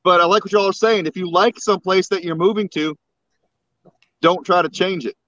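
A man's voice: high-pitched, fairly bright tone, dry recording. Drawling Texan-born man on a muffled line. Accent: slight Southern drawl. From West Texas. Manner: easygoing, joking, drawn-out talk. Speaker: call-in guest. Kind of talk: casual chat. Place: outdoors on a boat. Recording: dull, dry lo-fi line.

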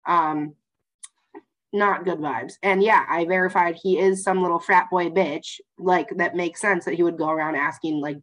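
A young woman in a casual podcast chat, telling a story with a lot of energy. Her pitch jumps around as she acts out the scenes, and she swears and laughs along the way. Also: steady tone, moderate pace, fairly bright tone, low-quality recording. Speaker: podcast co-host.

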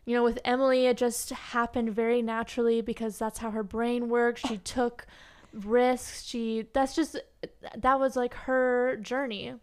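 Animated teasing young woman co-host. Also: fairly high pitch, measured pace, smooth. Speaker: podcast co-host. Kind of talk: casual chat.

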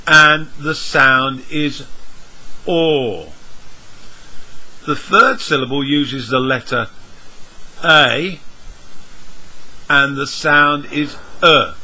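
Slow, bright-voiced husky male teacher. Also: fairly high pitch, rough recording. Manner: spells out letters and sounds one by one, measured. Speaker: English pronunciation teacher. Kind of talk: slow, deliberate lesson explanation.

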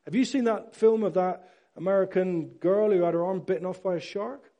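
A man's voice: high-pitched, a little fast. A man preaching a sermon, acting out Bible characters and asking his listeners questions. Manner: animated, acts out Bible characters; asks the congregation questions. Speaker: pastor.

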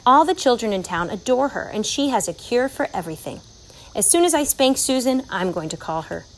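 A woman voicing a brisk, harried mother in a storybook reading, brusque and pitched up. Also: expressive, poor audio.

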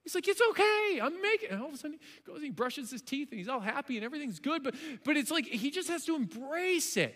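A man in his thirties preaching a sermon, impassioned, shifting between loud emphasis and quiet storytelling. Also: very high-pitched, expressive, quick pace, few pauses. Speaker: pastor. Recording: long hall reverb.

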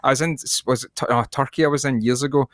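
A man's voice: medium pitch, steady tone, fast talker, dry recording. Scottish man, podcast co-host, swears while telling stories, dry close sound. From Scotland. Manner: storytelling, sweary. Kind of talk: casual chat.

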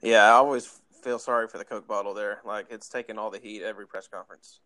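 A young man co-hosting a casual sports chat, explaining things in an easygoing, measured way. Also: lowish voice, fairly even intonation, pushed and bright. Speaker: podcast co-host.

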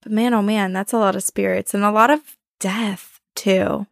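A young woman chats as a podcast co-host, quick to react and playfully expressive. Her voice sits in the middle range and sounds dry, with no room echo. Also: mid-range voice, creaky. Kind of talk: casual chat.

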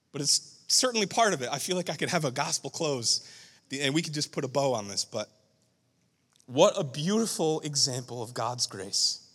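A man who is a pastor, telling a story during a sermon with animated, emotional delivery. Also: mid-range voice, slightly rough, big-room sound.

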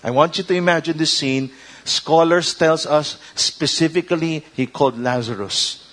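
A pastor with a fairly high voice delivers a sermon, switching between English and Tagalog. He swings from low, slow reflection to loud, soaring proclamations when quoting scripture.

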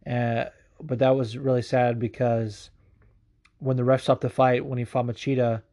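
A man with a warm, mellow tone hosts a casual podcast from home. He tells his stories with excitable energy and swears freely as he goes. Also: mid-range voice, normal speed. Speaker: podcast host.

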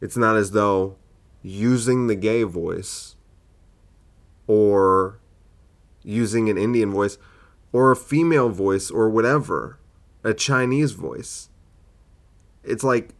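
A man's voice: fairly low pitch, takes it slowly, long pauses. A man, a comedian, arguing his point in a solo podcast monologue, full of rhetorical questions and fillers.

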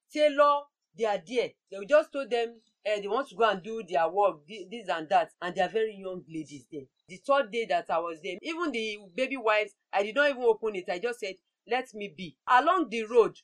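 A Nigerian woman speaks with a Nigerian accent, giving a personal testimony. She tells her story in an animated way, acting out each exchange. Her voice sits at a middle pitch. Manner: animated, acts out dialogue. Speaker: trafficking survivor.

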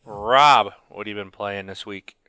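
A man's voice: lowish voice, a little slow, bright, forceful tone, clear, resonant tone, dry recording. A man hosting a casual gaming podcast, joking and laughing easily between loose, filler-heavy sentences. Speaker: podcast host.

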